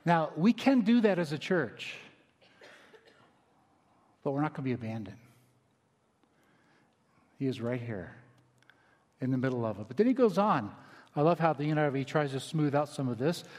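A male pastor with a slightly higher voice delivers a sermon in an easy, conversational way, often sinking to a quiet, intent hush to drive a point home. His voice carries a long reverb tail, as if from a large church hall. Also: big pitch swings, normal speed, pauses often. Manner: conversational, dynamic preaching with quiet emphatic drops. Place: church sanctuary.

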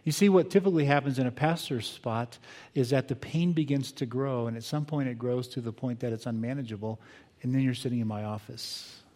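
An older man preaching a sermon as pastor, earnest and reflective, moving between quiet pauses and emphatic bursts. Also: mid-range voice. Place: church sanctuary. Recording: long hall reverb.

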